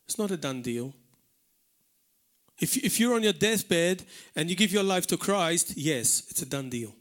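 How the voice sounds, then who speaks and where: A man's voice: on the high side, animated, measured pace, a bit bright. A man preaching a live sermon in church, earnest and emphatic, repeating words for stress. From Malta. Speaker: pastor. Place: church hall, live service.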